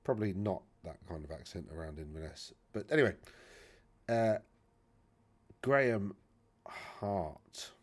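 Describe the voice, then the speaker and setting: A man with a fairly low voice talks casually through tabletop wargame army lists. He rambles in a friendly way, trailing off with fillers and correcting himself as he goes. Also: animated, moderate pace, long pauses, breathy edge. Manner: rambling, chatty, self-correcting with many fillers. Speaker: wargaming channel host.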